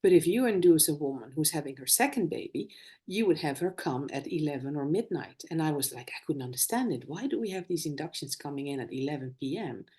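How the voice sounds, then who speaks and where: Animated middle-aged woman telling stories. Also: deep voice, brisk. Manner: animated storytelling, acts out quoted dialogue. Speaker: birth educator and former nurse. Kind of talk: conversational live talk.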